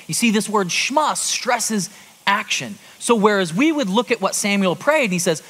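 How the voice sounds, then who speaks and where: A man in his thirties preaching a sermon to a congregation, conversational and lively, with rhetorical asides. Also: high voice, moderate pace, breathy edge. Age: 30s. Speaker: pastor. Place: church auditorium before a congregation.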